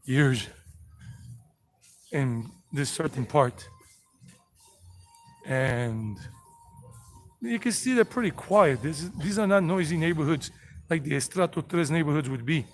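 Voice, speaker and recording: A middle-aged American man hosting a casual walking-tour live stream, rambling and repeating himself as he walks. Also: on the high side. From United States. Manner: rambling, repeats himself, sings song snippets. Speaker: vlog host giving a walking tour. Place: outdoors on city streets. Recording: outdoor street noise behind voice.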